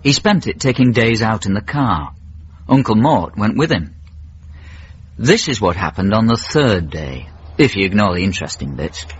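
A man narrating a radio comedy story in a dry, measured way. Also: fairly low pitch, sing-song, a little hiss or hum. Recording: dull old radio broadcast.

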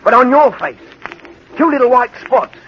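A man's voice: very high-pitched, animated, normal speed. An actor playing a stubborn castaway man who keeps pleading with his partner to hold on, in old-time radio drama style. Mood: horrified. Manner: pleading, insistent, turning horrified. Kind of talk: 1940s radio acting. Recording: lo-fi old radio broadcast with faint hiss.

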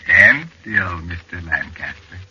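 A man playing a sinister captor who speaks with quiet, smiling menace, in 1940s radio acting. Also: low voice, sing-song, slow, full character voice. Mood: menacing. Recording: hissy, muffled old radio recording.

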